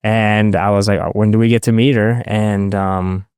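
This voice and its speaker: Adoptive father, guest on an interview show. Smooth, resonant voice in a dry room. Halting and full of fillers. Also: on the low side, little pitch movement, darkish tone, dry recording. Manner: halting, many fillers and restarts. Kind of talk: casual interview over video call.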